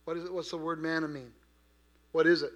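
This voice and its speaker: A man preaching a sermon in a conversational way, asking his listeners questions and swinging from quiet to loud. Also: on the high side, level tone, brisk. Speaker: pastor.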